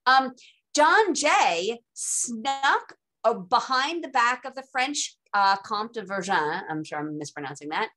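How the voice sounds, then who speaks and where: A woman's voice: on the high side, very animated, measured pace, bright, forceful tone. A woman teaching a casual live online lecture, talking informally and chattily with dry, sarcastic asides.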